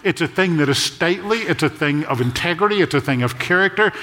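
A man's voice: on the high side, expressive, a bit bright. Older male pastor in an echoing hall. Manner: conversational storytelling with jokes and quick asides. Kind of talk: sermon. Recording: long echo of a large hall.

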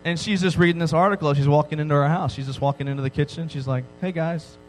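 A man's voice: on the high side, quick pace, soft background music, poor audio. Joking male preacher telling a story. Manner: joking, animated storytelling with frequent "right?" asides. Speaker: pastor. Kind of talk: sermon to a youth audience.

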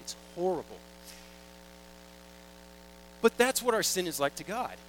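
A man's voice: sits high, very animated, a little slow, slight background noise, poor audio. A young man preaching a sermon in a casual, joking, storytelling way, reading scripture and acting out little quoted asides. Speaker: pastor.

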